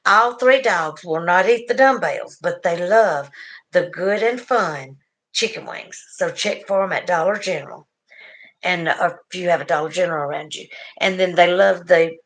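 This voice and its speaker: A woman's voice: fairly low pitch, fairly bright tone. A middle-aged woman with a Southern US accent, chatting folksily as she reads viewer comments aloud on her stream. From southern United States. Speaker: livestream host reading viewer comments. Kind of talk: casual chat.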